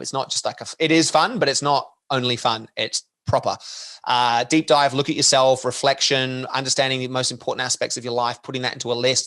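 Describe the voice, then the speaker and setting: A man's voice: medium pitch, fairly bright tone. Australian male guest, casual chat, enthusiastic, repeats words as he starts. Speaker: podcast guest.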